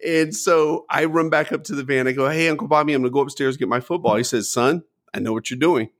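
A middle-aged man telling a story in casual chat, acting out the people he quotes with big jumps in pitch. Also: fast. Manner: animated, acts out quotes with lively pitch jumps. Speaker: guest storyteller.

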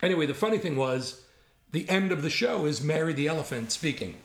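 Sixties New York writer, gravelly, spins lively anecdotes in an echoey room. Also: male voice, a little high, fairly quick. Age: 60s. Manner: animated anecdotal storyteller, gravelly. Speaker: guest, writer. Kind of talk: storytelling interview. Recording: roomy echo.

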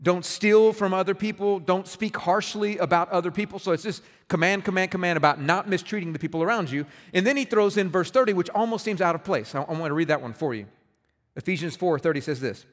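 A pastor with a high-sitting voice preaches quickly in a reverberant hall. He's earnest and conversational, frequently restarting his words.

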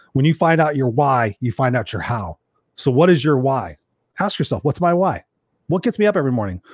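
A man's voice: mid-range voice, no room sound, clean studio sound. A man in his forties giving a fiery, profane motivational talk as a livestream host.

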